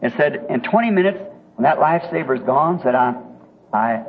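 Southern preacher on tinny old tape. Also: male voice, a little high, animated. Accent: Southern American. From American South. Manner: homespun, chuckling, drawn-out storyteller. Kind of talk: folksy storytelling sermon. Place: church meeting.

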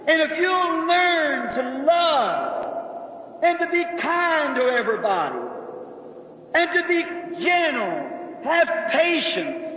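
A preacher with a strikingly high voice tells a homely story from the pulpit in an earnest, drawn-out way. His voice echoes around a large hall, and the old recording sounds dull. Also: sharp tone. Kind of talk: sermon with personal story.

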